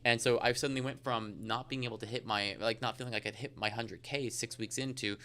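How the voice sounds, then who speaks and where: A man's voice: medium pitch, fairly even intonation, fairly quick, bright, forceful tone, clean tone. A man talking as a guest in a casual podcast interview, rambling along with many fillers. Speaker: insurance agent guest.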